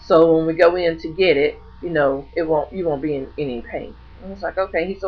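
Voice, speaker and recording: A woman's voice: sits low, brisk, hardly any pauses, slightly rough, muffled recording. A woman vlogger telling a personal story to camera in casual speech, acting out the lines of others with many restarts and repeated words. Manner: animated, acts out the dialogue of others.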